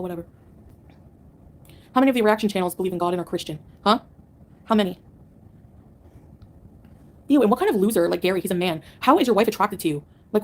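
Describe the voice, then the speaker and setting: A woman livestreamer answering her chat in a combative, sarcastic rant. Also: medium pitch. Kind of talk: live-stream rant to chat.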